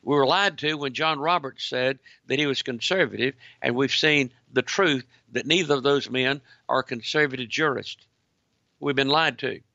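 A man delivers a commentary broadcast with a gravelly, fry-edged voice and a bright, forceful tone. He presses each point through repetition and reads articles aloud. The recording is dry and a little dull, like lo-fi broadcast audio. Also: medium pitch, normal speed, no echo.

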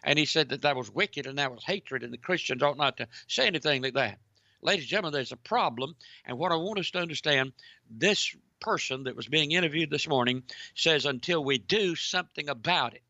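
An American man delivers emphatic, preachy commentary, reading news articles aloud, addressing listeners directly and repeating "ladies and gentlemen." His voice is a little high and expressive, and he talks briskly. There's no room sound, and the highs are cut off.

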